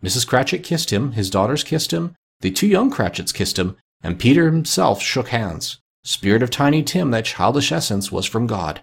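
A man narrating classic fiction as an audiobook, with measured, expressive storytelling. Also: mid-range voice, creaky, breathy edge.

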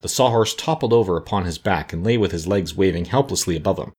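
A man narrating a storybook aloud, expressive and changing his voice for each character. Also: deep voice, quick pace, husky. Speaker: audiobook narrator. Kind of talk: storybook reading.

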